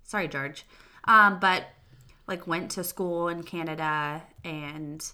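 A woman with a bright, forceful voice chats on a podcast. She talks loosely and casually as she runs through her notes. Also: on the low side, steady tone, slow, clean tone. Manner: chatty, reads notes loosely. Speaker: podcast co-host. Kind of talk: casual chat.

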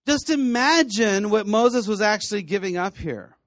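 A man with a fairly high voice teaches scripture to a room of students, animated and playful. He acts out the people in his stories and laughs often. The sound is dry and close. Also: unhurried, no echo. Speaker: Bible teacher. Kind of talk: lively teaching talk to students.

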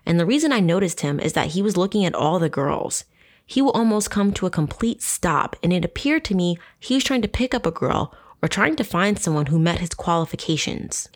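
A woman hosting a true crime podcast, reading accounts and adding sarcastic, profane asides. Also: deep voice. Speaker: podcast host.

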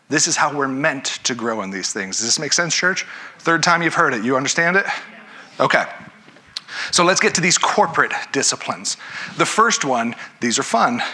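A man's voice: medium pitch, lively intonation, normal speed, bright, forceful tone, breathy edge. A man preaching a sermon to his church, in a conversational way that corrects itself and puts questions to the congregation. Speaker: pastor.

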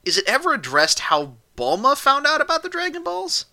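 A man's voice: extremely high pitch, wildly swooping pitch, fairly quick, bright, forceful tone. A man co-hosting a casual podcast, recapping the plot with dry, exasperated asides. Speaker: podcast co-host.

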